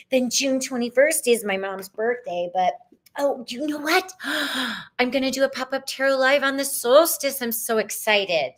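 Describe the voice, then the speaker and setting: A woman's voice: high-pitched, lively intonation, a little slow. A woman hosting a live tarot reading, bubbly and effusive, her voice a little tired. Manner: bubbly, effusive, sprinkles in "y'all", sometimes sings. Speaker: tarot reader and livestream host.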